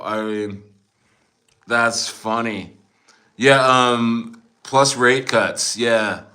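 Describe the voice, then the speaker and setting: Young man, casual livestream host, bright and forceful tone, joking, rambling, laughs a lot. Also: medium pitch. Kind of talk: casual livestream chat reading viewer comments.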